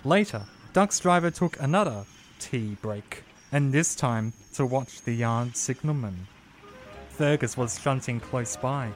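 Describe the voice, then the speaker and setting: A man reading a children's railway story in a slow, measured storytelling manner. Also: medium pitch, animated. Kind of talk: scripted storybook narration. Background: music.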